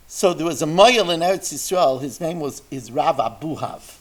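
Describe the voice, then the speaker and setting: A rabbi telling a story in a Torah class, acting out the people in it with lively shifts of voice. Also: male voice, fairly high pitch, normal speed, few pauses, low-quality recording.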